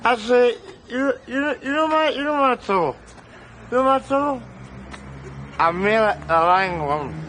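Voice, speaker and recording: A boozy Glaswegian layabout. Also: male voice, extremely high pitch, animated, unhurried, a bit bright, slight background noise, full character voice. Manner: rambling, boisterous, drunken. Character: boozy unemployed Glasgow man, bitter, gabby. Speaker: sitcom character. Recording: studio audience laughter behind.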